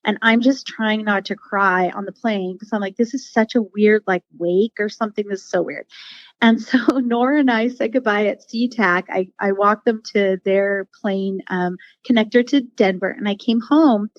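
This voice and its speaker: A woman's voice: mid-range voice, fairly even intonation, normal speed, no room sound, highs cut off. A woman guest on a podcast, telling a personal story in a heartfelt, rambling way, with many fillers and restarts. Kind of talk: casual storytelling interview.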